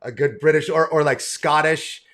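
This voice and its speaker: An American man hosts a relaxed video-call interview with easy, eager friendliness. His voice sits a little higher than most men's. He sounds like he is cheering his guest on. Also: moderate pace. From United States. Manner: enthusiastic, friendly, calls the guest brother and man. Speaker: interview host.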